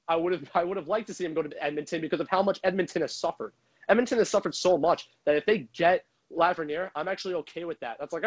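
High-voiced man on a heated hockey rant. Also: rough recording. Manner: heated, profane, frustrated ranting. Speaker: hockey fan commentator. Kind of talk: ranting sports commentary. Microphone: microphone.

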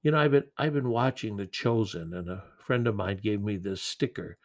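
A man preaching a sermon in an earnest, gentle way, with occasional repeated words. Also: lowish voice, moderate pace.

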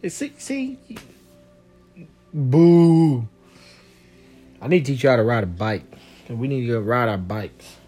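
Dad joking around w his kid, lively up-and-down voice, slangy and teasing. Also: mid-range voice, unhurried, long pauses, husky, faint music behind. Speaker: parent. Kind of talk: casual chat with his child.

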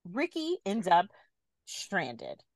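Woman cohost telling a story, lowish voice, dry close sound, laughs easy. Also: wildly swooping pitch, extremely slow, dry recording. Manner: chatty, laughs easily. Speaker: podcast co-host. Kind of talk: casual chat, storytelling.

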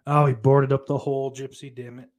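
A man hosting a casual livestream, reading viewer comments aloud. He rambles and swears freely and often runs himself down. His voice sits at a middling pitch. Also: level tone, fairly quick, a little mellow. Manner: profane, rambling, self-deprecating. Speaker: livestream host reading chat.

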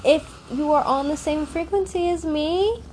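Woman vlogging to her followers, kinda high voice, rambly, keeps repeating affirmations and trailing off. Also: moderate pace, a little mellow, slight background noise. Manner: drifting, breaks off mid-sentence. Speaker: spiritual vlogger. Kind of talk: casual heartfelt monologue.

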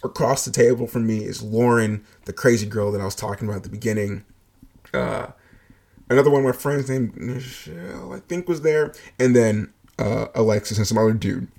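A young man with a gravelly, husky voice hosts his own podcast, spinning a casual story. His delivery is blunt and profane, with a joking edge. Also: mid-range voice, brisk, a little mellow. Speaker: podcast host.

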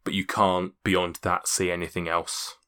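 A man's voice: sits low, level tone, sharp tone, clean tone. A man narrating a tabletop game as game master, often stumbling and restarting. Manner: halting, many restarts.

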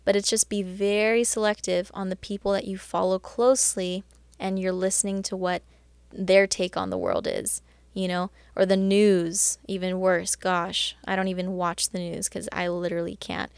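A woman talks through a casual faith chat at a middling pitch, chatty and earnest, with lots of "like" and "you know". Her voice sits close and dry, with no room sound around it. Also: little pitch movement, moderate pace, clear, resonant tone, no echo. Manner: earnest and encouraging. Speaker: Christian podcast host.

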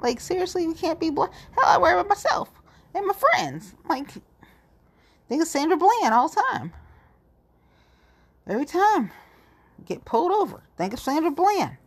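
A woman's voice: very high voice, big pitch swings, moderate pace, long pauses. A woman in her forties giving a rambling, blunt and profane monologue to camera. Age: 40s. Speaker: vlogger. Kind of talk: candid monologue.

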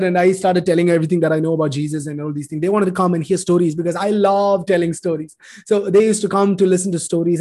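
A man's voice: high-pitched, a little mellow. A man, telling his life story in an earnest, emotional testimony sermon. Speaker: preacher giving a testimony.

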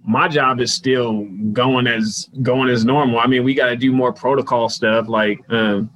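A man being interviewed as a guest, telling casual stories and acting out the people he quotes in a higher, louder voice. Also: unhurried, rough recording. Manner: animated storyteller, jumps higher and louder when quoting people. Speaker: guest, sports PR consultant.

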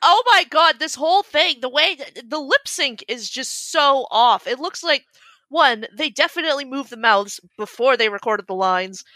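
A woman's voice: high-pitched, expressive, moderate pace, sharp tone, no echo. A woman co-hosting a comedy podcast, making blunt, snarky remarks with casual swearing. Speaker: podcast co-host. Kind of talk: casual comedic review chat.

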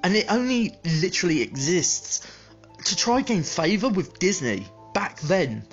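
A man's voice: sits high, very animated, unhurried, highs cut off, soft background music. A man hosting a podcast, delivering a heated, sweary film review in a bitter tone.

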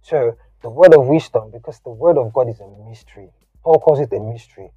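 A man giving a casual, conversational sermon, animated and slangy in his asides. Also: mid-range voice, brisk, husky, dry recording. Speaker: preacher. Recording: dull lo-fi audio, faint music.

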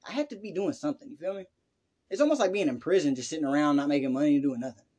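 A man's voice: on the high side, expressive, rapid-fire, dark tone. Brash profane Southern man on a podcast. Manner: brash, profane, boastful hustle talk. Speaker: podcast co-host. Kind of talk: casual podcast chat.

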